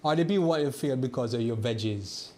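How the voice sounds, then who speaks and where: A male pastor preaches a sermon in a mid-range, slightly mellow voice with lively intonation. He poses rhetorical questions, quotes scripture slowly, and often repeats and restarts words.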